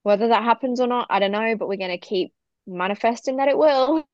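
Slightly high-pitched and a little fast, this UK woman's voice has a darkish tone. She owns a business and is a keen podcast guest, laughing and using plenty of fillers in casual interview chat, captured in a dull, dry recording with no room sound.

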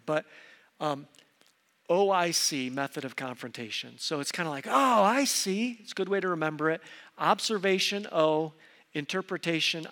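A middle-aged male pastor delivers a sermon earnestly and emphatically, often repeating a word to press his point. His bright, forceful voice sits a bit high for a man. The long reverb of a church sanctuary fills the sound.

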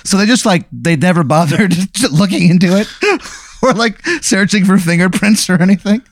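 A man's voice: sits high, normal speed. A man hosting a podcast, improvising a comic story in a rambling way, full of fillers. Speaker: podcast host.

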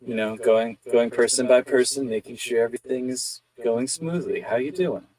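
A man voicing a smooth, reassuring character who talks glibly. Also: medium pitch, normal speed, darkish tone, slight background noise, lightly acted, rough recording. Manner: reassuring, glib. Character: smooth-talking adult male character, friendly.

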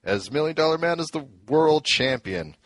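A man's voice: a little high, expressive, moderate pace, fairly bright tone, no room sound. A man co-hosting a casual podcast, eagerly recounting old events and laughing often. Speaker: podcast co-host. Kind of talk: casual storytelling chat.

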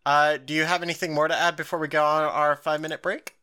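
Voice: medium pitch, fast, clear, resonant tone. A young adult podcast co-host in casual chat, rambling with lots of "like" and some swearing. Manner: rambling, full of "like" and swearing, animated.

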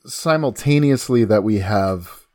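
A man co-hosting a casual film discussion, talking quickly and rambling with many restarts. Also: fairly low pitch, animated, darkish tone, dry recording, studio quality. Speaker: podcast co-host.

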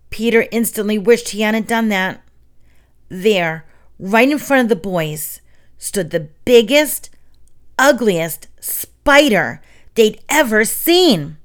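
A woman reading children's stories aloud in an expressive, dramatic way. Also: medium pitch. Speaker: storyteller.

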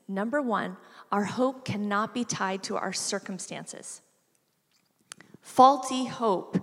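A woman giving a sermon, telling a family story and acting out the voices in it. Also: fairly high pitch. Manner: storytelling, acts out voices with animated shifts. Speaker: preacher. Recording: reverberant hall.

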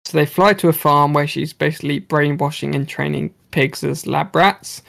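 An animated man talks through a film in casual chat, swearing and acting out what characters said. His voice sits a little high and has a gravelly, fry-laden edge. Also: moderate pace. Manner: animated, swears freely, acts out characters' lines. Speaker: podcast co-host reviewing a film.

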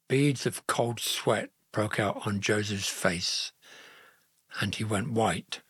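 Slow husky male storyteller. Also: fairly low pitch, dry recording, clean studio sound. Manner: slow, gentle, earnest reading. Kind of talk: Bible story narration.

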